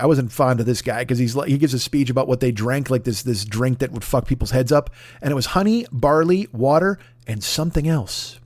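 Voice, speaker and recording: Profane rambling comedy podcast host. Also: male voice, a little high, darkish tone, dry recording. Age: 40s. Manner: rambling, profane, exaggerating for laughs. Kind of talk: solo comedic podcast monologue.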